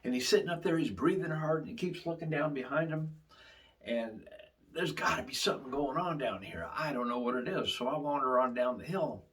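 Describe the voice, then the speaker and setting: A man's voice: fairly high pitch, a little fast, fairly bright tone. A man hosting his channel, telling a casual story in a rambling way with frequent fillers. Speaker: channel host.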